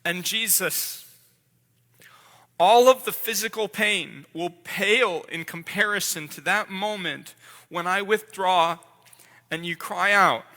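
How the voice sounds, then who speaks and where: A man's voice: high voice, slow pace, pushed and bright, full character voice. A pastor voicing God pleading with his son. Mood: urgent. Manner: intense, pleading, repeats words. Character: God the Father speaking tenderly to his son. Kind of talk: dramatic sermon role-play. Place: church sanctuary. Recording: long church hall reverb.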